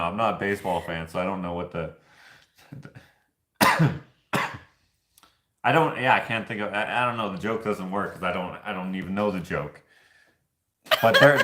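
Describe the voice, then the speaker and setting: Man, low voice, rambling joker, casual chat, echoey room. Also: a bit bright. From Canada. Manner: rambling, jokey, laughs at own stories. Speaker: show host.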